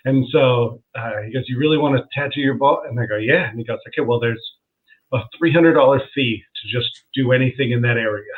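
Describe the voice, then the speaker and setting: A man's voice: mid-range voice, fairly quick. A man, a comedian guest, telling a story in casual chat, laughing as he goes and acting out what people said. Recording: tinny phone-like line.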